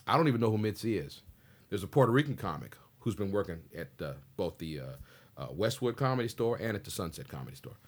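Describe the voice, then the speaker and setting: A man in his sixties, a stand-up comedian, tells a story in a casual interview with a deep, husky voice. He talks fast and with animation, drops slang, and acts out the dialogue of the people in the story. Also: big pitch swings. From US Pacific Northwest.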